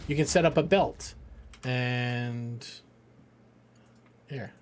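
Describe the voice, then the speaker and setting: A man's voice: a little high, lively intonation, slow pace, long pauses. Laughing, foul-mouthed man streaming a game. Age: middle-aged. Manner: rambling, jokey, swears freely, laughs often. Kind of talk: casual live-stream chat.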